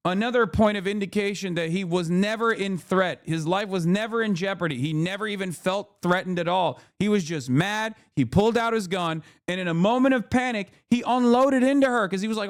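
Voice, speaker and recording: A man in his thirties rants on a live stream, swearing constantly and stacking up angry rhetorical questions. His voice sits high for a man and stays sharp and heated. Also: clear, resonant tone. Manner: angry, profane, rapid-fire rhetorical questions. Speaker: political commentator streamer.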